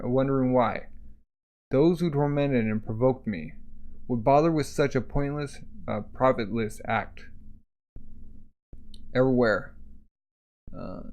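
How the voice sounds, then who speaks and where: A man voicing a calm, kindly elderly male farm steward who speaks slowly and gently. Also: medium pitch, natural voice. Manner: slow, measured and gentle.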